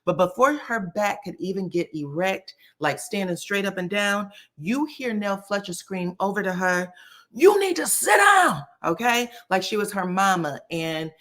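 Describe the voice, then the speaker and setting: A woman's voice: mid-range voice, moderate pace, few pauses. A young woman giving a casual, slangy recap of a reality TV episode, acting out the lines she retells. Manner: animated, slangy, acts out the quotes she retells. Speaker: YouTube reality TV reviewer.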